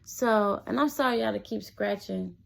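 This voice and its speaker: Speaking at normal speed with a mid-range voice and some vocal fry, a young woman shares a personal story on her laid-back vlog. She keeps it chatty and lively, repeatedly addressing her audience as "y'all."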